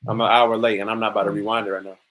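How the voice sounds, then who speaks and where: A man's voice: lowish voice, little pitch movement, very fast, fairly bright tone. A man streaming a live reaction, talking bluntly and offhandedly with profanity over a video he is watching. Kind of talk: casual commentary over a video.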